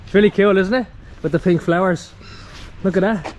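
A man's voice: sits high, normal speed, a little mellow, slight background noise. A man hosting a casual travel vlog outdoors, chatty and upbeat, talking to his viewers as he walks along a street. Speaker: travel vlogger. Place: outdoors on a town street with passing traffic.

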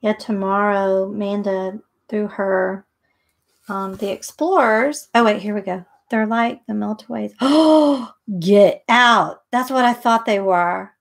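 A woman's voice: medium pitch, fairly even intonation, measured pace, vocal fry. A middle-aged woman hosting a live painting tutorial, chatting and thinking aloud as she works. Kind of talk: live painting demo with casual chat.

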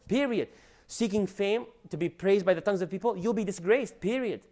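A man giving an animated religious lecture, preaching with loud rising emphasis and Arabic phrases mixed in. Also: high-pitched, brisk. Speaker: Islamic lecturer.

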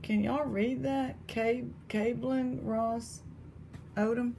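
Slow-talking woman vlogger. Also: fairly high pitch, fairly even intonation, vocal fry, mellow, slight background noise. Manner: chatty, exclamatory, thinking aloud. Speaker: vlog host. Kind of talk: casual vlog chat showing thrift finds.

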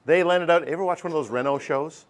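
Lively, joking male math teacher. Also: fairly high pitch, fast. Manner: lively, jokey, acts out student voices. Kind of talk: classroom lecture. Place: classroom.

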